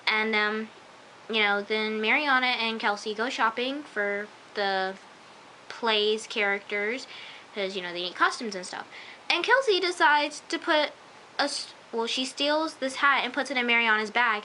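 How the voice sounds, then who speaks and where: Girl vlogging about a tv ep, bright kinda high voice, chatty, faint hiss behind. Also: normal speed, low-quality recording. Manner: chatty, emphatic, often says "I'm just like". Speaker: TV episode reviewer. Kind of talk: casual recap vlog.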